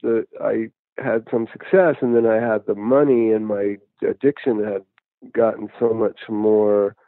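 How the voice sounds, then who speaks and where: A man in his fifties with a lowish voice talks down a tinny phone line, rambling through his story with plenty of restarts. The line is dry and narrow, like a call patched into a radio show. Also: dry recording. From United States. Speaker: guest, addiction counselor and musician. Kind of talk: casual interview over phone.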